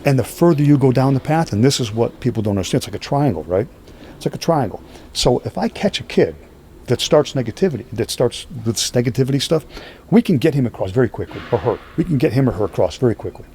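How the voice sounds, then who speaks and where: A middle-aged man telling stories in a casual podcast chat, animated and checking in with "right?" as he goes. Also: mid-range voice, fast talker, slight background noise. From Northeastern US. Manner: animated, repeats "right?" often, acts out quoted voices. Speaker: podcast guest, strength athlete. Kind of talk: casual storytelling conversation.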